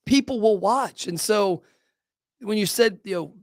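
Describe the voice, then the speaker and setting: Upbeat male podcast host with a fairly high voice and a pitch-driven, motivational delivery; close, dry studio mic. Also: dry recording. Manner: energetic, animated, talks in quick bursts; salesy, motivational. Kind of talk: casual podcast conversation.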